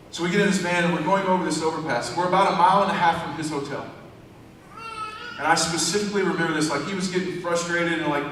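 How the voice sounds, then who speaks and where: A man's voice: fairly high pitch, a bit bright, slight background noise. A man giving a sermon testimony to a church, telling a story in a conversational, building way. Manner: storytelling, conversational with rising emphasis. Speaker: church speaker. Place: large church hall. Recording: echoey church hall from far off.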